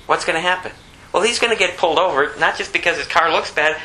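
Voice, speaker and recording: A man preaches in an easygoing, conversational way, with a bright and somewhat high voice. He slips into the voices of the people in his stories and lifts sharply when he drives a point home. A faint background noise runs underneath. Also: animated, poor audio. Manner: conversational, plays out the story characters in quick voices; rises high and loud when stressing a point. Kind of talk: informal sermon.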